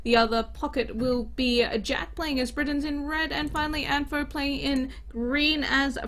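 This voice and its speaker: Woman, live game caster, chatty, teasing, casual, fairly high voice. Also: steady tone, moderate pace, fairly bright tone. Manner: chatty, laid-back, teasing. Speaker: esports caster.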